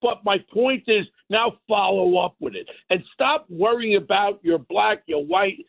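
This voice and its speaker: A man's voice: high voice, measured pace, gravelly. Blunt ranting man on a phone line. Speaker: guest. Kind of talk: heated political talk.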